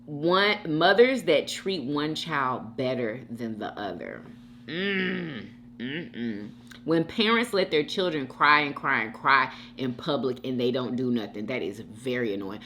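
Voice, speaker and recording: A woman's voice: very deep voice, a little slow, slight background noise. A woman hosting a mukbang video, chatting casually with viewers and reacting to comments with frequent laughter. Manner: animated, chatty, laughs often, talks straight to viewers. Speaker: mukbang host.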